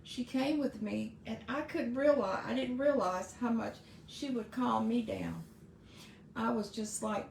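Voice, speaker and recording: A chatty, earnest middle-aged woman talks straight to parents in her own podcast. Her voice sits a bit high and carries a gravelly fry. The room around her rings with echo, and a faint noise lies underneath. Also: unhurried, darkish tone. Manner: chatty, earnest, restarts and asides. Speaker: podcast host. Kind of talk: casual advice monologue.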